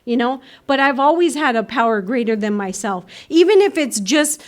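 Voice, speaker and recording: A woman speaking at a recovery meeting, telling her story in a lively way, acting out voices and laughing often. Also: a little high, moderate pace. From United States. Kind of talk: personal recovery talk. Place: meeting room.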